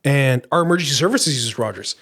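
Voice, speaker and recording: A young man from Canada chatting casually on a podcast as a guest, telling animated stories and acting out the people in them. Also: medium pitch, quick pace, breathy edge. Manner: animated storyteller, acts out voices and laughs. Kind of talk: casual chat.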